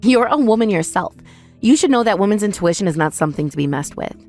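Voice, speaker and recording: A woman's voice: mid-range voice, lively intonation, fast, darkish tone, faint music behind, natural voice. A young woman voicing a furious ex-wife who scornfully confronts her former in-laws. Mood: angry. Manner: scornful, accusing.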